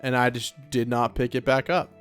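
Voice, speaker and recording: A man's voice: medium pitch, little pitch movement, moderate pace, clear, resonant tone, faint music behind. A man hosting a let's play, giving casual gameplay commentary in a chatty, nervous way as he talks to himself. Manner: chatty, nervous self-talk.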